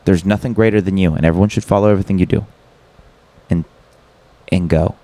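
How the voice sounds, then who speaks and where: A man with a fairly low voice co-hosting a casual comedy podcast. He rambles loosely, drops curse words and laughs a lot as he talks. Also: steady tone, fast, warm tone. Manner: rambling, swearing, frequent laughter. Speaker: podcast co-host.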